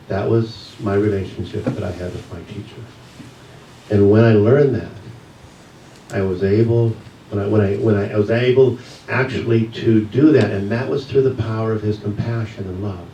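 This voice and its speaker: Low-voiced man in an echoey church. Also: dark tone, highs cut off. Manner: earnest, reflective storytelling. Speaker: guest speaker at a church service. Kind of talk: personal testimony talk. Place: church sanctuary. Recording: echoey room, distant mic, faint hiss.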